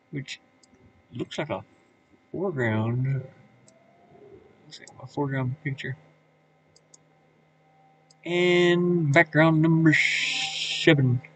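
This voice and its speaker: Slow, mumbling man thinking aloud. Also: a little high, a bit bright, a little hiss or hum. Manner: muttering to himself, thinking aloud with fillers. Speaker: streamer. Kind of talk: casual live-stream commentary while working. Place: his van.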